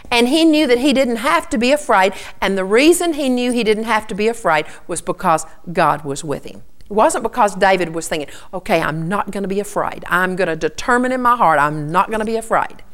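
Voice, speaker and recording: A middle-aged woman preaching a sermon, earnestly teaching and quoting scripture to her listeners. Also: medium pitch. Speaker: Bible teacher.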